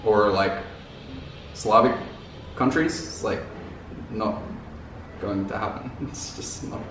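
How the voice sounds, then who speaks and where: Slow and lowish-voiced, a man rambles casually to the camera, repeating himself and dropping slang. The recording is distant and off mic, in a very echoey room with a little faint noise.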